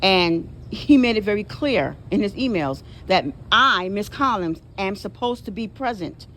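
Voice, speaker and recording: A woman's voice: mid-range voice, animated, a little slow, a bit bright, slight background noise, low-quality recording. A tired woman walking with a cane outdoors among housing buildings, vlogging on her phone and indignantly repeating her complaints. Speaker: public housing tenant. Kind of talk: casual vlog filmed on a phone. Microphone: handheld phone.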